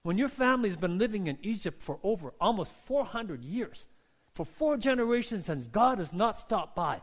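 A male pastor preaching a sermon, moving from hushed, quiet passages to loud, rising calls and asking the congregation questions. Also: high voice, big pitch swings, normal speed. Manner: asks the congregation questions, repeats phrases.

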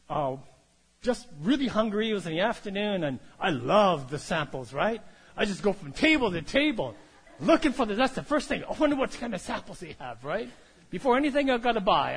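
A man preaching a sermon, telling a story that builds from quiet to loud and calling out for amens. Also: high voice, very animated, fairly quick, slightly rough, big-room sound. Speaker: pastor.

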